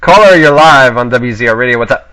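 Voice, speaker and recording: A man's voice: mid-range voice, lively intonation, fast talker, a crowd in the background. A man hosting an internet radio call-in show, teasing his co-host and laughing easily in casual banter.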